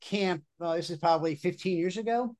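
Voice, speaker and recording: Animated storytelling male coach host. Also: high-pitched, brisk. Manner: storytelling, animated, repeats words. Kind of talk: casual podcast chat.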